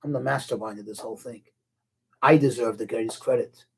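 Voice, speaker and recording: A man's voice: medium pitch, steady tone, brisk, gravelly, husky, voice pushed down. A man voicing a smug, gloating talking brain in a fable. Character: boastful laughing brain, smug mastermind.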